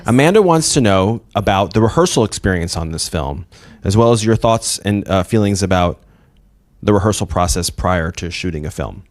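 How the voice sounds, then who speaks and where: A male interviewer puts his questions across casually, with a playful, light touch. His voice runs on the low side. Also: expressive, moderate pace.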